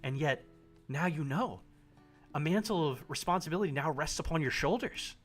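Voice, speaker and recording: Animated man streaming a dating game. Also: fairly high pitch, moderate pace, soft background music. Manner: animated, dramatic reading with frequent laughter. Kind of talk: reading a visual novel aloud on a live stream.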